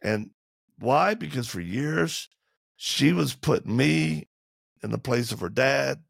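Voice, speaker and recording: A man with a very gravelly, husky voice tells candid stories as an interview guest, lively and humorous. He slips into other voices for the people he quotes. The sound is close and dry. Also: mid-range voice, slow pace, no echo. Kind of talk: animated storytelling in conversation.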